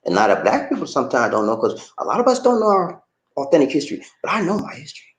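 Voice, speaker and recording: A middle-aged online commentator delivers a casual, preachy monologue straight to his viewers, emphatic and repetitive, calling them "man" again and again. His voice is fairly high with huge pitch swings and a rapid-fire pace. The room has a noticeable echo.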